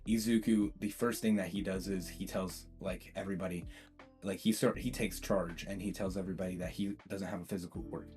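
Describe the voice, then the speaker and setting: A man's voice: sits low, steady tone, a little fast, a little mellow. A man hosting a fan-theory video, telling a what-if story in a loose, chatty way full of fillers and restarts. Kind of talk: casual rambling storytelling. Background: faint guitar music.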